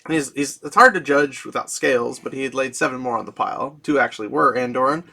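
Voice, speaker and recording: A man chatting through a story recap in a gravelly, bright voice. His tone is forceful yet casual as he breaks in with his own asides. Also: medium pitch, quick pace. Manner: gravelly, chatty, laughs often. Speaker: host retelling a fantasy novel.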